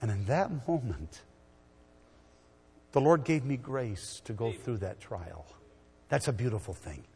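A middle-aged man preaches in a church, rising to loud exhortation and then dropping to hushed storytelling. His voice sits at an ordinary pitch. It rings with the long reverb of a big hall. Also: lively intonation, measured pace, long pauses, husky. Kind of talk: sermon.

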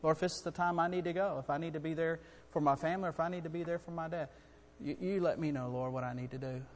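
A middle-aged man preaching a sermon in a church, earnest and building to loud, urgent storytelling. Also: on the high side, steady tone, fast. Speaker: guest preacher. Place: church sanctuary. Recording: long hall reverb.

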